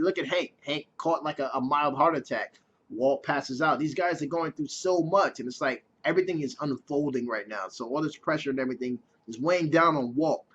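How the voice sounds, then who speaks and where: A man's voice: a little high, a bit bright, slightly rough. A man casually reviewing a TV episode in a chatty way, swearing freely. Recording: dull lo-fi recording.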